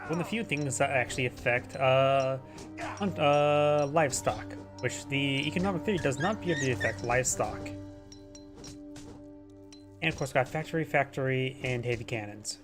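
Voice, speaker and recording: A male caster talks through a strategy game replay in a loose, rambling way, often tripping over names. His voice sits at a middling pitch. Clear music plays under him. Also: moderate pace. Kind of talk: casual replay commentary.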